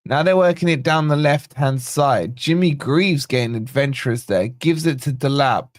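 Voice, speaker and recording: A man hosting a live football watch-along, calling the play and greeting viewers by name in a chatty, excitable way. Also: medium pitch, moderate pace, dry recording, clean studio sound. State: yawning, tired. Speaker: fan channel host.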